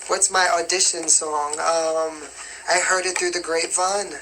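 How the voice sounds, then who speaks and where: A man's voice: a little high, little pitch movement, measured pace, pushed and bright, a little hiss or hum, low-quality recording. A young man from New York with a light New York accent, casually answering viewer questions on a live stream in a rambling, chatty way. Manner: chatty and rambling, with constant "you know what I mean".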